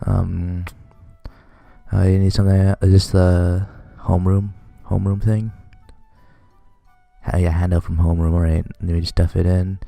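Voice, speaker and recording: Deep, gravelly-voiced man commentating a game. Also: moderate pace, long pauses, no room sound, soft background music. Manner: relaxed, rambling, reads game text aloud. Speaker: let's play commentator.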